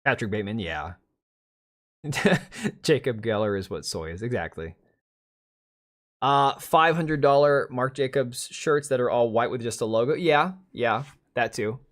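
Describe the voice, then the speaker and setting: A man's voice: medium pitch, animated, a little slow, pauses often, a bit bright. A man in his thirties hosting a casual livestream, rambling bluntly and reacting to chat with restarts and asides. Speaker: livestream host.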